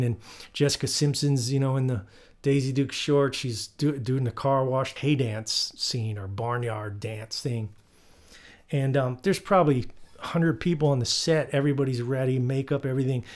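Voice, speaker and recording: Relaxed rambling male guitarist host. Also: medium pitch, normal speed. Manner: relaxed, rambling, many fillers. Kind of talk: casual storytelling.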